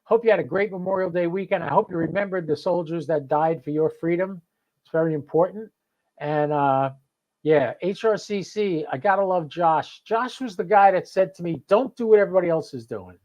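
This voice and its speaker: A man's voice: high-pitched, moderate pace, a little mellow, muffled recording. Chatty New man ranting. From New Jersey. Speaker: host. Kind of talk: live podcast chat.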